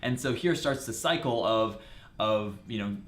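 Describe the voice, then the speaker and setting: Low-voiced man chatting in an echoey room. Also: unhurried, a bit bright. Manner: chatty, lists race facts from notes. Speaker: co-host. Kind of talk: casual live-stream chat. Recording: roomy echo.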